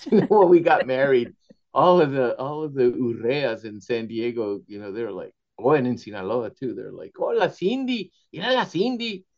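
A man, an author, telling animated anecdotes in an interview, laughing often and slipping into Spanish phrases. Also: medium pitch, normal speed, highs cut off. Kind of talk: storytelling in a conversational interview.

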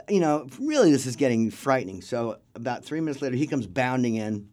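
A man's voice: medium pitch, sing-song, fast, few pauses, a little mellow. A middle-aged man telling stories in a casual interview as a guest, acting out the voices of the people he quotes. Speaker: interview guest, film crew grip.

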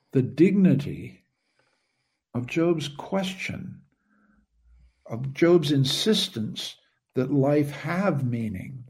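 A man being interviewed as an author, answering in a thoughtful, measured way and voicing the questions he quotes with feeling. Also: mid-range voice, darkish tone, breathy edge. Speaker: author guest.

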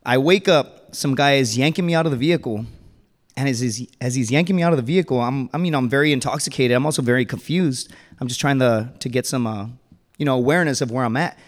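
A man's voice: mid-range voice, fast. A man doing stand-up storytelling on a live stage, rambling and conversational with lots of fillers, chuckling at his own story. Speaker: stand-up comedian. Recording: reverberant hall.

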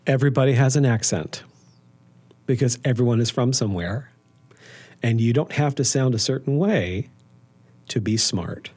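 A man's voice: medium pitch, expressive, moderate pace, long pauses, a little mellow, slightly rough. A man who is a documentary filmmaker, talking thoughtfully in an interview and asking rising questions. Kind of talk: interview answers.

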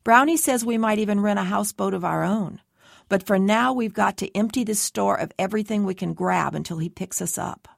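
A woman's voice: medium pitch, gravelly, dry recording, clean studio sound. A woman reading a first-person novel aloud, giving the dialogue light character shading. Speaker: audiobook narrator.

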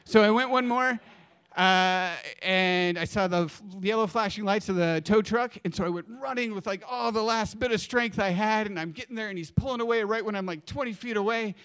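A man with a high, smooth, clear voice tells a personal story to a live audience. He is animated and dramatic, dropping to a hush and then turning loud. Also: a little fast. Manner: animated, dramatic, swings between hushed and loud.

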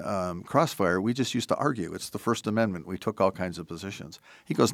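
An older American man, a podcast host and former congressman, talking politics in an animated, emphatic way. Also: low-pitched, brisk, few pauses, no room sound, clean studio sound. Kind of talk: political interview talk.

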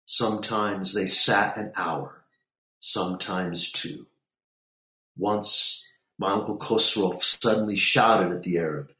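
Slow, low-voiced male storyteller. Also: steady tone, sharp tone, echoey room. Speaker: narrator. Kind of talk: storytelling reading.

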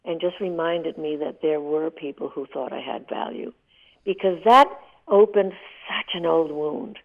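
An older woman in her eighties tells emotional stories vividly in a candid interview. Her voice sits low and has a gravelly edge. It comes through a thin, tinny phone line. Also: a little slow. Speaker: interview guest.

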